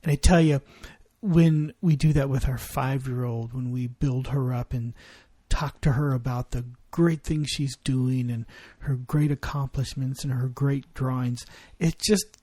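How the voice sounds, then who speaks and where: A man's voice: mid-range voice, steady tone, unhurried, few pauses, mellow, no echo. A man co-hosting a parenting podcast, talking in an earnest, reflective way. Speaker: podcast co-host. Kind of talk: casual chat.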